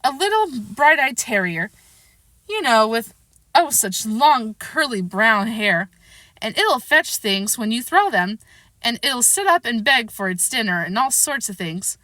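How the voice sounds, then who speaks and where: A polite, curious little girl in a put-on English accent, played by a woman, prim and earnest. Her voice is high and bright, swinging up and down as she chatters. It sounds dry and close, like a storybook read at home. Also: sing-song, unhurried, no echo, exaggerated voice. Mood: coaxing.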